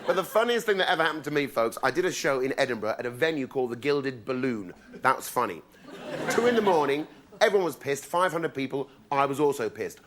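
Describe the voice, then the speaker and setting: A man's voice: mid-range voice, sing-song, fast talker. A man performing a stand-up routine in a live venue, delivering wry punchlines and mimicking other people. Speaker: stand-up comedian. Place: live comedy venue with audience. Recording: live stage mic with loud audience laughter.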